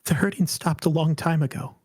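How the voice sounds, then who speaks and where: A man voicing a scared woman doctor, long shut away and barely holding together, answering in a shaky, halting voice. The sound is close and dry, with no room around it. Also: fairly high pitch, darkish tone, dry recording, pitched above the performer's own voice, lightly acted. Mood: shaken. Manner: timid, halting, fearful. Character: terrified adult woman doctor survivor.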